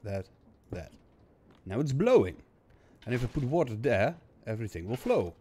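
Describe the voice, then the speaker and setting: A man with a hoarse, coughing voice, muttering to himself in casual gameplay commentary and breaking into frustrated outbursts. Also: medium pitch, very animated, normal speed, warm tone. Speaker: gaming streamer.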